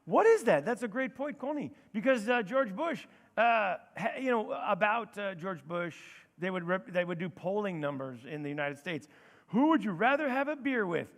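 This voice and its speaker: A man co-hosting a comedy show in casual banter, animated and full of fillers, on a belt mic. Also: high voice, normal speed. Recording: long hall reverb.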